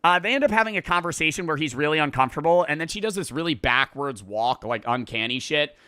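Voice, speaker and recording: Man, casual rambling movie recap, profane storyteller; forceful, crisp, fairly high voice. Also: animated, quick pace, no room sound. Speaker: podcast host.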